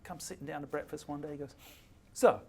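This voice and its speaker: Animated older man, gravelly. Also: fairly high pitch, fairly quick, slight background noise. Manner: animated, emphatic storyteller acting out dialogue. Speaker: guest speaker. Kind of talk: fireside chat.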